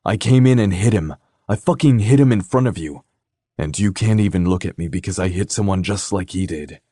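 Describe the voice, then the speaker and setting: Man reading gruff protective guy, clipped, low dark voice, dry sound. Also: fairly even intonation, fairly quick, no room sound. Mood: furious. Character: protective young man, restless and guilt-ridden. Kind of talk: audiobook character voice.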